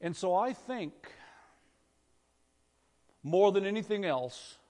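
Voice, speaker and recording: A man's voice: high-pitched, lively intonation, slow pace, warm tone. A man preaching a sermon as pastor, talking conversationally and putting questions to the congregation. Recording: long reverb of a church hall.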